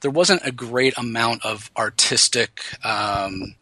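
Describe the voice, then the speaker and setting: A man's voice: mid-range voice, slow pace, pushed and bright, slightly rough, no room sound. A man co-hosting a casual podcast chat, rambling with lots of restarts and "you know what I mean". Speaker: podcast co-host.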